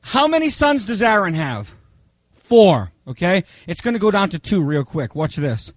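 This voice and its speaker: A man preaching a Bible study, telling humorous personal stories in a chatty, animated way, often checking in with "okay?". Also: sits high, normal speed, no echo. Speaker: pastor teaching a Bible study.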